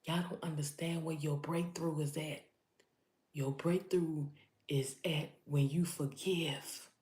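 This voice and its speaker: A woman's voice: low-pitched, fairly even intonation, takes it slowly, a little mellow, reverberant. A woman giving an impassioned preaching vlog, talking urgently to her listeners and repeating herself for emphasis. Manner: urgent, repetitive, addresses listeners directly. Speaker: motivational preacher.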